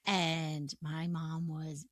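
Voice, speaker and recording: A woman co-hosting a podcast, chatty and quick to react as she tells her own stories. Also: sits low, level tone, no echo, studio quality. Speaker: podcast co-host. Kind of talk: casual chat.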